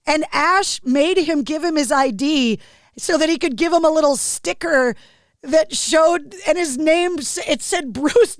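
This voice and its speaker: Lively woman host, dry close sound. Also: high-pitched, no echo. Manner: lively, animated storyteller. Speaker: radio DJ and podcast host. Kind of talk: casual interview chat.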